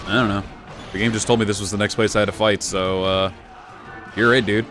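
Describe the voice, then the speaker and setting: A man casually commenting on his gameplay as a streamer, relaxed and rambling, swearing now and then. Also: lowish voice, fairly quick, faint music behind.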